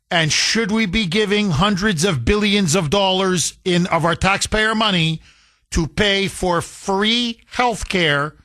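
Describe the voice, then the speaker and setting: A man's voice: high voice, bright, forceful tone. A man hosting a talk radio show, delivering a combative, emphatic monologue and hammering points home with repetition. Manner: combative, emphatic, repeats phrases for punch.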